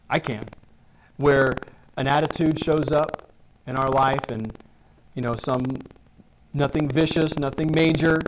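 A man's voice: a little high, slight background noise, poor audio. A man preaching a sermon in a loose, rambling way, full of restarts and asides. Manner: casual, rambling, with many restarts. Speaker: pastor.

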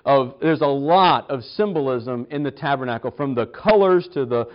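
A man's voice: medium pitch, lively intonation, normal speed. A man teaching a conversational Bible study, chatty, with wry humor and frequent restarts. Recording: slightly dull lo-fi recording.

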